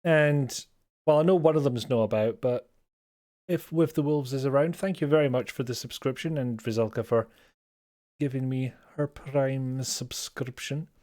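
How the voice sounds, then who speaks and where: A Scottish man streaming from home, chatting loosely with his viewers into a desk mic. His talk rambles, he pokes fun at himself, and he chuckles along the way. His voice sits at an ordinary middle pitch. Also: normal speed, mellow. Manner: rambling, self-mocking, chuckles often. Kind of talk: casual live-stream chat.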